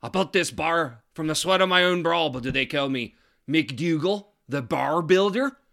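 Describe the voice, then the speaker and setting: A man puts on a bitter old Irish bar builder, loud and proud, complaining with a raised voice. The voice sits a little higher than the teller's own and comes across bright. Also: expressive, normal speed, creaky. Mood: indignant.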